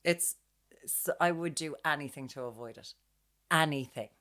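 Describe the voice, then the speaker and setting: A woman's voice: sits low, normal speed, a bit bright. A woman, co-hosting a podcast and chatting casually, with wry, jokey asides. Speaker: podcast co-host. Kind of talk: casual chat.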